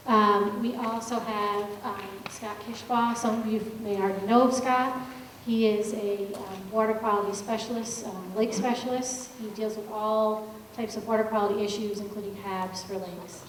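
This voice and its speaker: A woman's voice: medium pitch, fairly even intonation, normal speed. A woman moderating a public agency meeting, introducing the panel in a friendly way with many fillers. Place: large public meeting hall. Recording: echoey hall from far off, faint hum.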